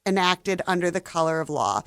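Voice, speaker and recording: A woman's voice: on the low side, animated, a little fast, creaky, fairly bright tone, clean tone, no room sound, clean studio sound. A woman guest on a radio show, talking earnestly and with enthusiasm, a solutions-minded speaker. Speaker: guest, housing nonprofit leader. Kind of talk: casual radio interview. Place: radio studio.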